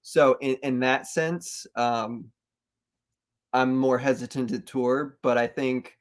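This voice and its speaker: A man guesting on a podcast talks loosely about touring, filling his sentences with "like" and "um". His pitch sits in the middle of the range for men. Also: fairly even intonation, slow pace. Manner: loose, hedging with many fillers. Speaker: band member, podcast guest. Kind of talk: casual chat.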